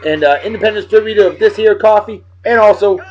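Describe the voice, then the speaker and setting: A man hosting a casual show, giving boisterous, jokey shout-outs full of slang. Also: high voice, quick pace. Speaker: host. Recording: dull lo-fi sound with faint music.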